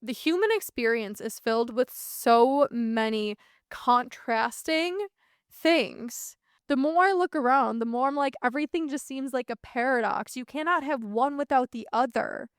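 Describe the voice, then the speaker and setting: A woman's voice: high voice, unhurried, clean tone, dry recording, studio quality. A woman in her thirties hosting a reflective solo podcast, talking candidly and earnestly and swearing casually. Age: 30s. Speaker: podcast host.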